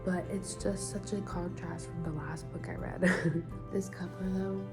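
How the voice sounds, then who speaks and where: A woman's voice: lowish voice, steady tone, measured pace, music in the background. A woman in her early twenties chatting casually in a book vlog, full of "like" fillers. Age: early 20s. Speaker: book vlogger. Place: at home early morning, later outdoors at school.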